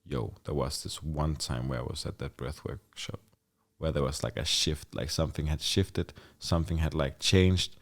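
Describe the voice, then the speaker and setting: Very deep-voiced man telling his story. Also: fairly even intonation, normal speed, few pauses. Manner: loose and candid, with lots of "like" and frequent swearing. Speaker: podcast guest. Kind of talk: casual storytelling in a conversation.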